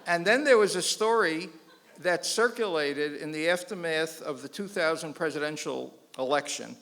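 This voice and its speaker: A man's voice: on the high side, moderate pace. A man, a rabbi, giving a public lecture and telling jokes, acting out the voices of the people in them. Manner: animated joke-telling with quoted voices. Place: lecture hall before an audience. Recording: long hall reverb.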